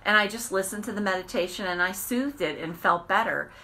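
A middle-aged woman coaching tapping on a live stream, talking in an earnest, rambling way with restarts and quick asides. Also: medium pitch, bright, forceful tone. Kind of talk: casual live-stream talk.

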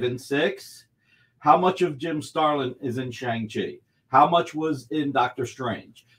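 A man running a live comic book auction over a video call, pitching books with enthusiasm and urging bidders on. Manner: enthusiastic, pushes bidders along. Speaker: guest auctioneer.

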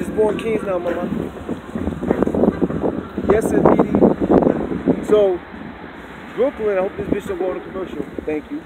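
A man rambling in a loose, repetitive street monologue while high, outdoors on a city street, recorded on a handheld phone. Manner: loose, repetitive, swings loud and soft. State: high on marijuana. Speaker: street vlogger. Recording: loud street and wind noise.

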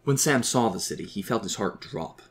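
A man narrating a scripted fantasy story with a steady, expressive reading. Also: fairly low pitch, moderate pace, creaky.

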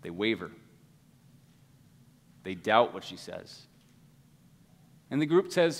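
A man preaching a sermon as pastor, swinging between loud, urgent appeals and hushed, quiet passages. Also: fairly low pitch, expressive, moderate pace, pauses often. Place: church sanctuary. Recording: long hall reverb.

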